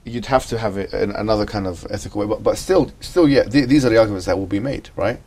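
A man leads an ethics lesson in a classroom with a somewhat low voice. He talks in questions, repeats himself and checks in with the students as he goes. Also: fast talker, a little mellow, recorded from a distance. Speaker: teacher.

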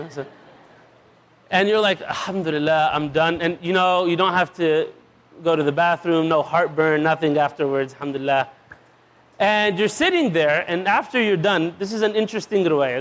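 Playful high-voiced male preacher. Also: fairly bright tone. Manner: playful storytelling, acting out little dialogues; sprinkles Arabic religious phrases into English. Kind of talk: humorous sermon to a live audience.

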